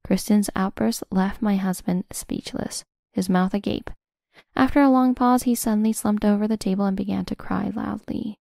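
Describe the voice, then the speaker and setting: A woman's voice: mid-range voice, fairly even intonation, normal speed, creaky, mellow, no echo, studio quality. Smug woman narrating a revenge story. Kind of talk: scripted first-person narration.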